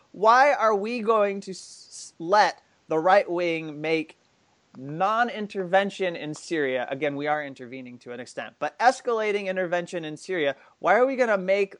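Man, fairly high voice, indignant rhetorical arguing, dry close sound. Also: fairly bright tone, dry recording. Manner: indignant, reads his own post aloud, then argues with rhetorical questions. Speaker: political commentary co-host. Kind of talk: heated political talk show chat.

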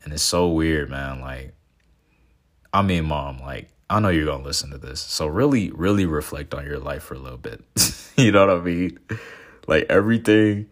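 A man's voice: a bass voice, normal speed. A twenty-year-old man in casual, reflective talk, earnest and sentimental, rambling with many fillers and restarts.

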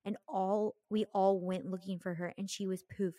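A young woman co-hosting a casual podcast, reading ghost stories in an animated way, full of fillers and swearing. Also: mid-range voice, moderate pace, no echo. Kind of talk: casual chat.

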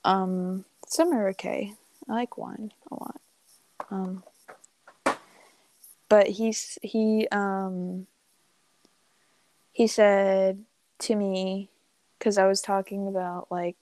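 A woman's voice: mid-range voice, level tone, extremely slow, pauses often, warm tone, no room sound. A young woman in her teens telling a story in casual chat, rambling with lots of fillers and laughs. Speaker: podcast co-host.

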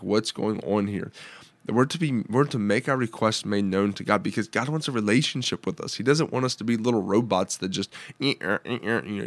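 A man's voice: on the low side, no echo. A man pastor giving a conversational podcast Bible devotional, reading scripture aloud between casual asides.

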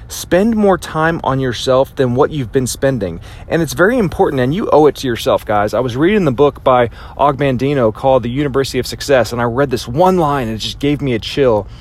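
This motivational speaker has a medium-pitched, darkish male voice. He speaks emphatically, repeating phrases for impact and now and then acting out his inner voice.

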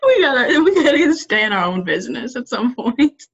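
A woman's voice: a little high, big pitch swings, normal speed, a bit bright, breathy edge. A young woman co-hosting a podcast in casual chat, giggly and teasing. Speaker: podcast co-host. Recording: dull lo-fi sound.

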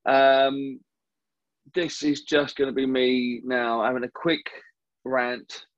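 A man hosts a solo podcast from his home late at night, talking frankly in a rambling, self-aware way. His voice sits at a middling pitch. The recording is dry and a bit dull, with no room sound. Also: completely flat delivery, slow pace, dry recording. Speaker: podcast host. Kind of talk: casual solo podcast rant. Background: neighbour's car revving.

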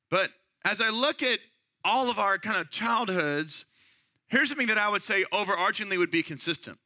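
A man in his thirties preaching a sermon in an easygoing storytelling style, often checking in with "right?". His voice is high for a man and very bright, recorded close and dry. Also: no room sound. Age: 30s. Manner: conversational storytelling, frequent "right?" asides. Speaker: pastor.

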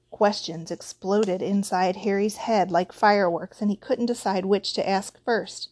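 A woman narrating a children's novel in a lively, expressive reading style. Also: medium pitch, measured pace, few pauses. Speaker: audiobook narrator.

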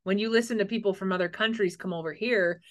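A woman's voice: mid-range voice, quick pace. A woman from the United States hosting a casual podcast chat, talking frankly and acting out quoted conversations as she tells stories. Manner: frank, animated storyteller who acts out quotes. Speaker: podcast host.

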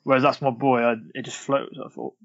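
A man's voice: mid-range voice, level tone, a little fast, a bit bright. A man with a mid-range voice chats casually about films, laid-back and often trailing off. The sound is slightly dull. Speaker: podcast co-host. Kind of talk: casual chat.

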